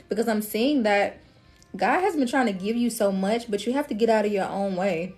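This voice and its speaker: A woman's voice: medium pitch, fast talker, a little mellow, soft background music. Chatty woman giving a live tarot reading. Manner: casual, chatty, laughs often, calls listeners love and queen. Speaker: tarot reader.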